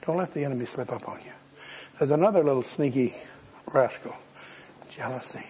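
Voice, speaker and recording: A man's voice: medium pitch, a little fast, a little mellow. A man preaching a folksy, humorous sermon and acting out the voices he quotes. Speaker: pastor.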